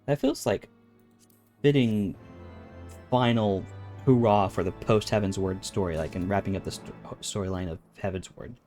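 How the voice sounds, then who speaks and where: Over game music, a man streams a video game in casual let's-play style, musing aloud and reading game lines. His voice is low-leaning and dark, at a normal speed.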